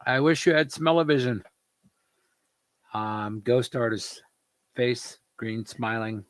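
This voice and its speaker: A man's voice: medium pitch, slow pace. A man chats on a livestream in a mid-range voice, joking and cursing as he goes. The sound is dry and close, with no room echo. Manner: joking, profane, rambling. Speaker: livestream co-host. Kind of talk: casual livestream chat.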